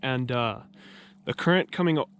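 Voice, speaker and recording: A duck-hunting vlogger rambles to his viewers outdoors by a river, a bit winded from a long walk. His mid-range voice has a fairly bright tone and a moderate pace, and he chats away, calling his audience guys.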